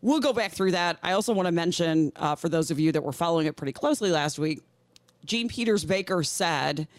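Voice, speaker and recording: A radio co-host joins a casual talk-show chat remotely over a video call, laughing often and slurring a little because dental work has left her mouth numb. Her fairly low voice is lively and fairly quick, with studio-quality sound and no room echo.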